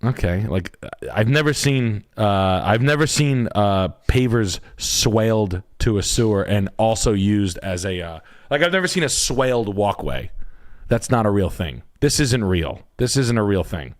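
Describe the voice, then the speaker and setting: A man's voice: fairly low pitch, sing-song, measured pace. A man hosting a live stream, giving blunt, profane critiques of house listings as a realtor.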